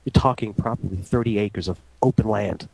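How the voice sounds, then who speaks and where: A man working as a radio transmitter engineer, telling anecdotes in a casual, animated way and acting out the dialogue. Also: fairly low pitch, a little fast, vocal fry, slightly rough, poor audio. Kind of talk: casual storytelling.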